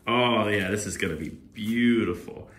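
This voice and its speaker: In a comedic unboxing vlog, a young man with a lowish, slightly bright voice reviews a product at normal speed while fighting to get it open. He grunts, mutters and drops to whispers, sounding strained and short of breath.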